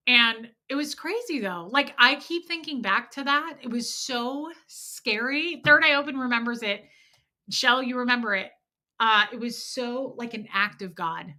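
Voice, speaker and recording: A woman telling a personal story on her livestream, candid and animated, acting out quotes and swearing freely. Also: fairly high pitch, normal speed. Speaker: livestream host. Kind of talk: casual live chat storytelling.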